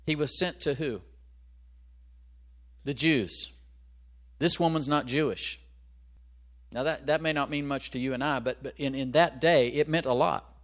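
A man's voice: medium pitch, unhurried, pauses often, fairly bright tone. A man preaching a sermon in a conversational way, asking the congregation rhetorical questions and stopping to search aloud for his references. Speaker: pastor.

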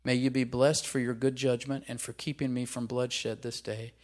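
A male preacher reading a scripture passage aloud and commenting on it in an animated sermon, asking the listeners to repeat lines after him. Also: medium pitch, normal speed.

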